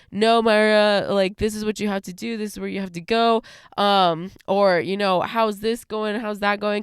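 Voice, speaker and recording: A woman's voice: medium pitch, clean tone, no echo. A young adult woman talks through her solo podcast in a loose, rambling way, full of fillers and asides. Her voice comes through very clean and close, with a dry sound and no room around it. Her throat sounds a little scratchy. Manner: rambling, lots of "like" and "you know". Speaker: podcast host. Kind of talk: casual solo podcast monologue.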